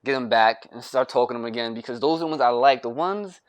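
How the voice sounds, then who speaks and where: A man's voice: mid-range voice, quick pace. A young man from the United States vents in a grumpy monologue straight to camera. He circles back on himself, repeats phrases and restarts sentences, with casual swearing throughout. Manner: rambling and repetitive, profane, restarts often. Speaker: vlogger.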